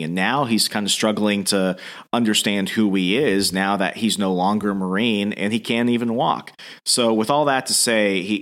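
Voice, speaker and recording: A man co-hosting a podcast, recapping a comic book story in a fast, animated way with many fillers. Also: on the low side.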